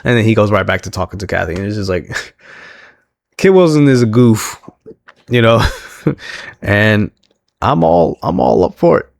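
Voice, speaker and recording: A man casually recapping a wrestling show, laughing often and quoting the wrestlers in an animated way. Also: lowish voice, a little slow, creaky, long pauses, dry recording. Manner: laughs often, animated retelling with quoted voices.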